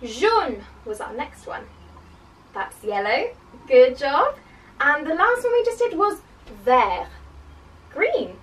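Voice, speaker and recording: A woman's voice: high-pitched, very animated, slow, long pauses, a bit bright, recorded from a distance, poor audio. A woman teaching a children's language lesson, encouraging and sing-song, with playful praise.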